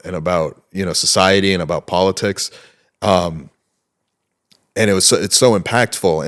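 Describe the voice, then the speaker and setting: A young man, a guest in a casual interview, telling a story with animated energy and a lot of cursing. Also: low voice. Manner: animated storytelling, heavy swearing.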